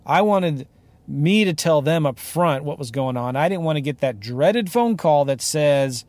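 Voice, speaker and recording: Animated man hosting a rant show. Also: fairly high pitch, unhurried, no echo. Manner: animated, emphatic, laughs while telling stories. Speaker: podcast host, real estate investor. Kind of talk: casual monologue, storytelling rant. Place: in a car.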